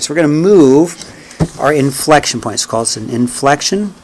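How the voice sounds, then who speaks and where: In this classroom lecture, a man whose voice sits on the high side teaches math with lively intonation at normal speed. He counts steps aloud while graphing and keeps asking "okay?" and "right?". The sound is a little mellow, carrying a slight hiss or hum.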